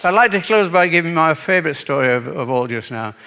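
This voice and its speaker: Older comedian telling jokes. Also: male voice, on the high side, quick pace, background noise. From Yorkshire, England. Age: 70s. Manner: chatty, relaxed, playful storyteller. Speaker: stand-up comedian. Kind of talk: stand-up joke telling. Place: theatre stage.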